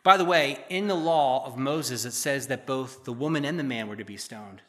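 Bright-voiced preacher, conversational. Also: male voice, mid-range voice, moderate pace. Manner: conversational, joking asides between read verses. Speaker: pastor. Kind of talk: sermon reading and explaining scripture.

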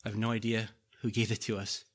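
A man's voice: lowish voice, level tone, quick pace. A middle-aged man preaching a sermon in a conversational way, repeating key lines and making folksy asides to the congregation. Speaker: pastor.

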